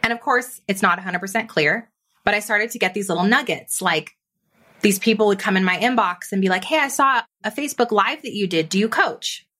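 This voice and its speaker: A woman guest on a podcast, a business coach, telling her story in a lively conversational way and acting out her own thoughts in quotes. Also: medium pitch. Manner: animated, fast-flowing, quotes her own inner voice.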